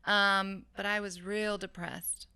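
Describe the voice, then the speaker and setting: A woman's voice: medium pitch, flat delivery, slow pace, sharp tone, clear, resonant tone. A woman in her thirties from the San Francisco Bay Area, telling her story as a guest in a casual interview, candid and chatty with frequent laughs and fillers. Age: 30s. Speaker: guest fashion designer.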